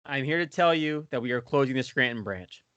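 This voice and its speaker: Casting note: man as measured executive, polite, dry close sound. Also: mid-range voice, expressive, a bit bright, dry recording, lo-fi sound, natural voice. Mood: apologetic. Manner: measured and polite, delivering bad news. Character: calm, formal male company executive. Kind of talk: sitcom acting.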